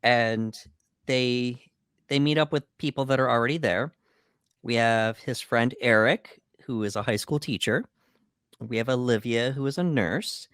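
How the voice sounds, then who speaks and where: A man co-hosting a podcast, recapping a movie plot in an unhurried way with frequent "uh" and "um". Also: mid-range voice, a bit bright, clear, resonant tone, no room sound, studio quality. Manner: measured recapping with fillers like uh and um. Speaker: podcast co-host.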